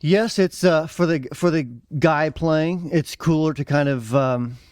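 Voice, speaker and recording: A man with an American Midwest accent co-hosts a podcast, chatting casually and rambling with fillers and easy laughs. His voice is a little high, smooth and darkish, a little slow. The recording is dry and studio quality.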